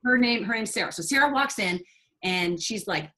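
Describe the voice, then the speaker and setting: A middle-aged woman with a mid-range voice tells a story to her hosts in an animated, chatty manner. She talks at an ordinary pitch and often starts over and fills pauses. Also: low-quality recording. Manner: animated, chatty, with fillers and restarts. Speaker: nurse and guest. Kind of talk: casual storytelling in a conversation.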